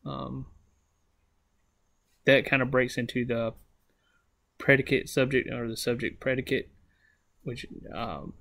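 A man with a Southern US accent walks through beginner phrases in an unhurried, informal lesson. His voice stays level and even, with little rise or fall, and he stumbles, restarts and fills gaps with "um" as he goes. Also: medium pitch, vocal fry. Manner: halting, many restarts and ums, slow careful phrase repetition. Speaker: language learner vlogger. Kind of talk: casual self-taught language lesson.

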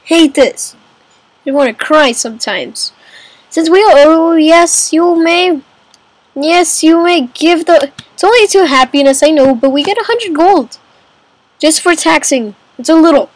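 A woman's voice: high voice, measured pace, low-quality recording. A woman giving casual let's-play commentary on a kingdom game, chatty and exclaiming, calling everyone man and dude. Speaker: gamer playing a kingdom game.

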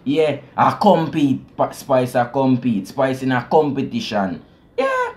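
A man with a Jamaican accent hosting a reaction video, explaining song lyrics in casual, animated patois and chuckling often. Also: medium pitch, measured pace. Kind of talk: casual commentary.

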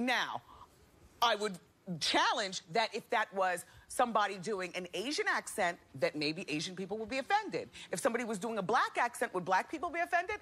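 A woman's voice: mid-range voice, very animated, moderate pace, fairly bright tone, breathy edge. A woman from New Jersey hosting a talk show, chatting animatedly and laughing often in a studio with an audience. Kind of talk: talk show gossip commentary.

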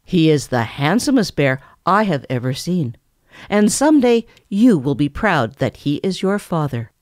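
A woman's voice: sits low, big pitch swings, unhurried, darkish tone, no echo, clean studio sound. A woman voicing a stern mother bear scolding her cubs firmly. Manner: firm, scolding.

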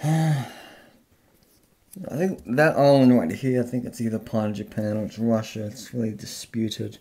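A man's voice: on the low side, fairly even intonation, normal speed, warm tone. A man vlogging casually as he scratches off a map, rambling and chatty with lots of fillers. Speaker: travel vlogger.

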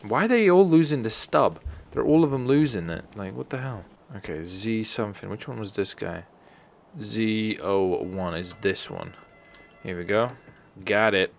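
Chatting to the game's characters as he plays, a man with a low, creaky voice delivers animated but unhurried let's-play commentary as a gaming YouTuber. His humor is crude, and he swears freely.

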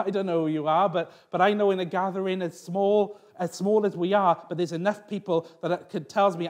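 A middle-aged man preaching a sermon as pastor, telling a personal story with restarts and asides. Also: high-pitched.

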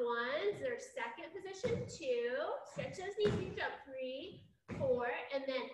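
Brief: very high, slow-paced female ballet teacher for young kids, counts out steps, soft music behind. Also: echoey room. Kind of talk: storytelling dance class.

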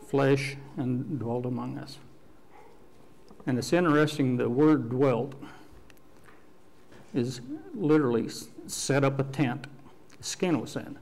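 Slow-speaking older male pastor preaching. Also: mid-range voice, a little mellow, slight background noise. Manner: slow, deliberate teaching with pauses and restarts. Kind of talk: sermon. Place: church sanctuary.

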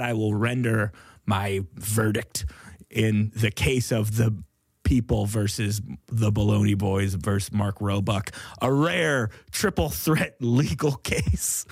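A man's voice: lowish voice, a little slow, no echo. A man hosting a comedy podcast in casual chat, joking crudely and swearing a lot. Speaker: podcast host.

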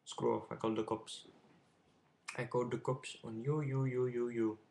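A man voicing a cranky male shopkeeper who rants and shouts at customers, with a put-on accent. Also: mid-range voice, slow, reverberant, pitched above the performer's own voice. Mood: angry. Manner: ranting, shouting, repeats himself.

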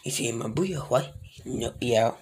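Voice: medium pitch, animated, brisk, darkish tone, husky. A speaker improvising a plush toy role-play in a rambling, mumbly way, full of slang and filler sounds.

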